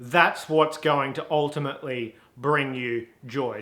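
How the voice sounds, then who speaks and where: A young man talks to camera in a loose comic monologue, mocking himself as he goes. His voice is bright and sits a little high, and he rambles from one analogy into the next. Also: lively intonation, moderate pace, hardly any pauses. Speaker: vlogger.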